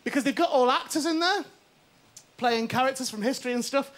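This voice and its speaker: Speaking briskly in an extremely high voice, a man does a stand-up anecdote before a live studio crowd, impersonating the people in the story. The TV studio setting is filled with loud audience laughter.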